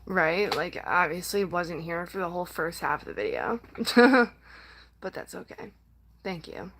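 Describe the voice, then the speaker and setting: A young woman vlogger speaks to her viewers in a fairly low, expressive voice with a fairly bright tone. She rambles casually and halts often, full of "like" and "um," sometimes near tears. The audio is poor, with slight background noise.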